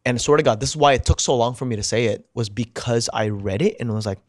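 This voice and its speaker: Male podcast guest, mid-range voice, lively anecdotal storyteller who swears and acts out the quotes. Dead, dry room. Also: medium pitch, fast, no room sound. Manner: drops to a hushed whisper at tense moments.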